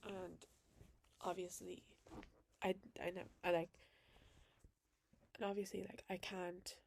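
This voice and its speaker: Rambling, reflective young woman with a gravelly voice. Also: on the low side, level tone, slow, a little hiss or hum. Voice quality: emotional, soft-spoken. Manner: rambling, reflective, many "like" fillers. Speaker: vlogger. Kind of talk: personal video diary. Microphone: built-in computer webcam mic.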